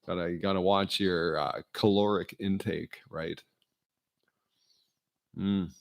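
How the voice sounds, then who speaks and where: Middle-aged man, gravelly low voice, slow and rambling self-deprecating vlog monologue. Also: steady tone. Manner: meandering, self-deprecating, full of fillers. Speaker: vlogger. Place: indoors, alone.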